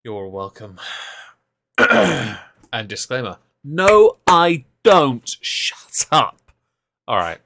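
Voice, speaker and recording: A man co-hosting a casual podcast chat, sarcastic and quick to laugh. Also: mid-range voice, very animated, creaky, pushed and bright, slight background noise. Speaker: podcast co-host.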